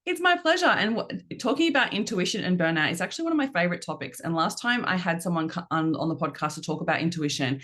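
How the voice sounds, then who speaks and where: Woman podcast host, talks fast, super enthusiastic and gushy. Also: on the low side, animated, fairly bright tone. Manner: effusive and enthusiastic. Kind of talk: casual interview chat.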